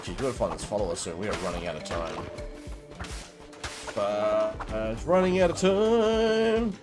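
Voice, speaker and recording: Australian man, thirties, lively up-and-down voice, rambling streamer banter, music behind. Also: on the low side, moderate pace. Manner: chatty, rambling, playful teasing. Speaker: livestream gamer host. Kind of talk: casual chat while gaming, reading viewer comments.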